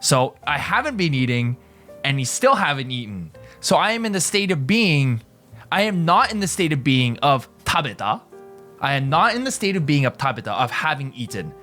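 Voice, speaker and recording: A man's voice: a little high, big pitch swings, moderate pace, bright, forceful tone, faint music behind. Casual man teaching a video lesson. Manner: explains in loose restarts, tags with right?. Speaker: language teacher.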